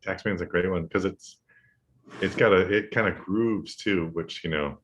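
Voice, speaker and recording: A man's voice: sits low, moderate pace, a bit bright. A man co-hosting a podcast, chatting casually about music in an easygoing way and trailing off with fillers.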